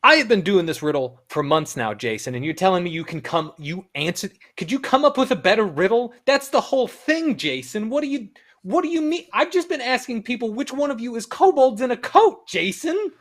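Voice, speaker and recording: Man playing a squeaky, sputtering riddle-asker at wit's end, tabletop game character voice. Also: sing-song, fairly quick, fairly bright tone. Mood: exasperated. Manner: high, strained, sputtering outbursts. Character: flustered male riddle-asker, exasperated.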